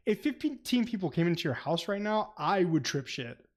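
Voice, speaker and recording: A man co-hosting a casual book club podcast, laughing often and swearing as he retells scenes in animated fashion. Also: high voice, moderate pace. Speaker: podcast co-host.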